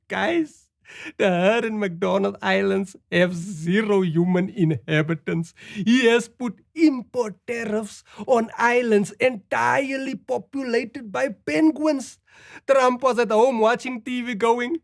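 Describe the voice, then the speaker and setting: A woman's voice: a little high, takes it slowly, vocal fry, no echo, clean studio sound. A woman, playing a comedy news anchor who delivers a satirical news sketch with mock-newscaster timing.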